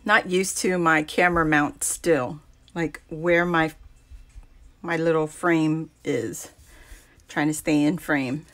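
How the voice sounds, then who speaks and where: A woman's voice: fairly low pitch, a bit bright. A woman hosting a crafting livestream at her home workbench, chatting casually, greeting viewers by name and a little out of breath. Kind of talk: casual live chat. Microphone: phone on a mount.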